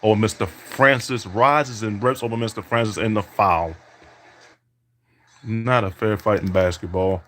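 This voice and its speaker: A man with a fairly low voice trash-talks his way through a basketball video game. He imitates an announcer's calls and taunts his opponent as he plays. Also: steady tone, a little slow, fairly bright tone, slight background noise. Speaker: podcast host playing a basketball video game. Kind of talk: trash-talking play-by-play over gameplay.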